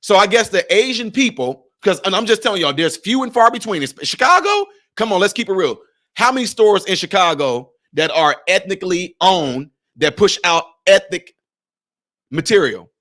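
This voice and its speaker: A man's voice: high voice, very animated, moderate pace, a bit bright. A man giving emphatic, conversational commentary in a vlog, speaking directly to his viewers.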